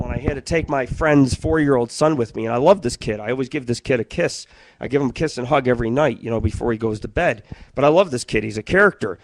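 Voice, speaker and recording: A middle-aged man hosting a radio show, telling rambling, profane comic stories in a crude monologue. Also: medium pitch.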